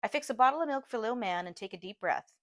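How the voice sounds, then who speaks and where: A woman's voice: fairly high pitch, quick pace, dry recording. Brief: female reader, first-person audiobook, earnest, dry close mic. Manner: steady, earnest storytelling.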